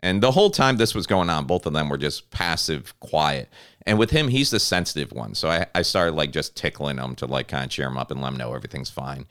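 A man in his thirties co-hosting a podcast, telling a story in casual chat with lots of swearing and animated delivery. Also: very deep voice, a little fast, clear, resonant tone. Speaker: podcast co-host.

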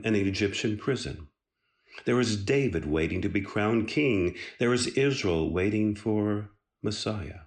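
A man with a very low voice delivers a sermon slowly and earnestly, leaning on key words and letting his pitch rise and fall widely. The sound carries the echo of a large room. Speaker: preacher. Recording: echoey room.

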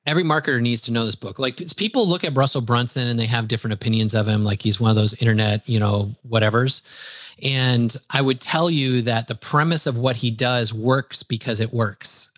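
A man with a Wisconsin accent, a podcast guest talking in an energetic, chatty way with quick asides. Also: medium pitch, no room sound, studio quality. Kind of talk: casual interview chat.

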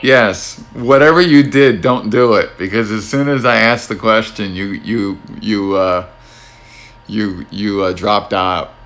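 A man hosting a sports podcast, talking in a wry, teasing, easygoing way. He has a New Jersey accent and a fairly low voice. His chat is relaxed and conversational. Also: a little slow. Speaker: podcast host. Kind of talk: casual sports podcast interview.

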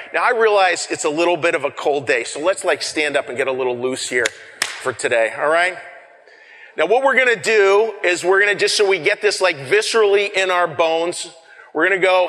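Male preacher, slightly high voice, conversational sermon with dramatic loud and hushed contrasts, long hall reverb. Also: normal speed. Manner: swings from shouting to hushed whispers for effect; repeats words and restarts, conversational.

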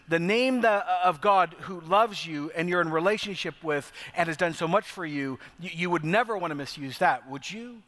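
A middle-aged man preaching a sermon as pastor, earnest, slowing down to stress key phrases. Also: sits high, fairly bright tone. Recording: long reverb of a large hall.

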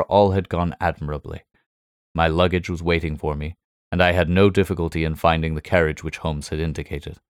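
Deep-voiced man narrating a classic story. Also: clear, resonant tone, no room sound, studio quality. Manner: measured, formal storytelling. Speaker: audiobook narrator.

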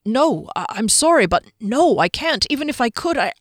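A woman's voice: fairly high pitch, big pitch swings, normal speed, no echo, studio quality, voice pushed up. A woman voicing a nervous, scrawny little male herbalist who stammers and stays stiffly polite.

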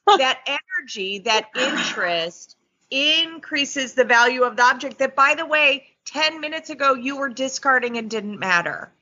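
A woman's voice: high voice, lively intonation, moderate pace, bright, forceful tone, breathy edge, dull audio. A woman co-hosting a podcast in a casual chat, musing playfully over odd what-ifs. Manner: musing, playful, full of hypotheticals. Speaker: podcast co-host.

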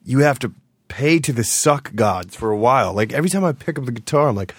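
A man hosting a podcast in casual chat, animated and jumpy, cursing freely. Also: mid-range voice, brisk, dry recording. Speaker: podcast host.

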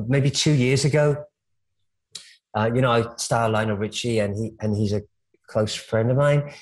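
A man's voice: medium pitch, a little mellow, rough recording. A man, a stylist, chatting as a guest in an interview, telling long stories full of restarts and fillers. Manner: rambling, storytelling with frequent restarts and fillers. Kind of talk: casual interview chat.

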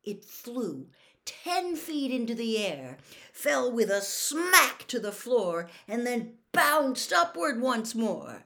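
A woman reading a novel aloud as a storyteller, in an unhurried, expressive manner. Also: on the high side. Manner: unhurried, expressive, swinging intonation.

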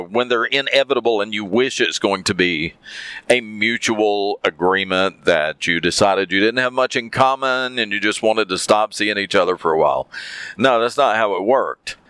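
A man's voice: fairly low pitch, a bit bright, clear, resonant tone, no echo. A man telling a story in a casual monologue, repeating phrases for emphasis.

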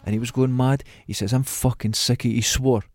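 A middle-aged Scottish man chatting casually on a podcast. He tells stories with animated jumps into quoted voices. His voice sits in a middle register, close and dry with no room around it. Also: mid-range voice, a little fast, no room sound. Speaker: podcast co-host. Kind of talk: casual chat.

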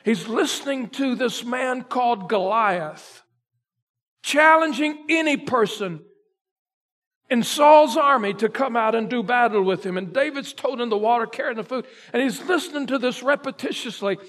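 A male pastor preaching a sermon, retelling a story dramatically and swinging between loud emphasis and a near hush. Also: very high voice, animated, moderate pace.

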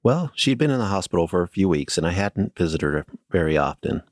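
A man's voice: low-pitched, very animated, a little fast, no room sound. A man co-hosting a podcast, reading listener stories aloud in a plain way and trading dry banter. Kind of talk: casual podcast chat and story reading.

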